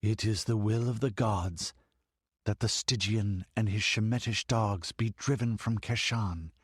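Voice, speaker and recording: A man's voice: on the low side, steady tone, a little slow, breathy edge, no echo, clean studio sound. A man voicing a young woman who poses as a goddess, speaking in a cold, detached, impersonal way. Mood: imperious.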